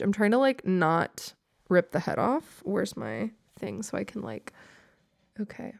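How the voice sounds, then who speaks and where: A woman's voice: medium pitch, big pitch swings, a little slow, gravelly. A young woman hosting a podcast, chatting casually and gushing over little keepsakes, with lots of "like" in her talk. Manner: bubbly, gushing, heavy use of "like". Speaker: podcast host. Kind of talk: casual chat.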